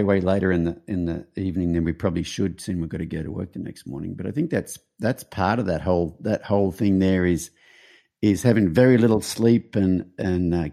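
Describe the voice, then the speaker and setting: A man's voice: fairly low pitch, creaky, dark tone. A man hosting a podcast, telling stories in a rambling, casual way. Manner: rambling, with many restarts. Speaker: podcast host. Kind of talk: casual storytelling chat.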